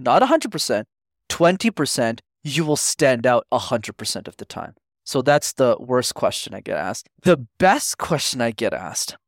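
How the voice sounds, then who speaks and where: A man's voice: medium pitch, no echo, clean studio sound. A man speaking as a guest on a podcast interview, coaching with energy and acting out little dialogues. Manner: energetic, animated, acts out quotes.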